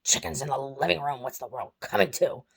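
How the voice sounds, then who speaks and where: A woman's voice: a bass voice, brisk, vocal fry, breathy edge, full character voice. A woman voicing her puzzled male pet dog with an indignant, grumbling tone.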